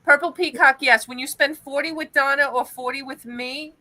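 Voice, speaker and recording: A woman's voice: high-pitched, fairly even intonation. A woman co-hosting a live sale, calling out bids and greeting viewers by name. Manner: brisk and businesslike with bids, warm greetings to viewers. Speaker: co-host running the bidding. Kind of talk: auction calling and chat.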